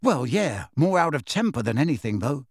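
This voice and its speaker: A man's voice: mid-range voice, very animated, moderate pace, no room sound. Man doing a jumpy indignant schoolboy, voice shoots up when he's upset, dry close storybook sound. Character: teenage schoolboy, excitable, indignant, easily rattled.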